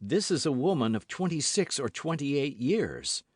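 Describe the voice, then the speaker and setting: Brief: agitated young swordsman, higher and louder, read by a male narrator, dry sound. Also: a little slow, no room sound. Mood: urgent. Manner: excited, raised and loud. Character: frantic young male swordsman, breathless and urgent. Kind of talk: audiobook character voice.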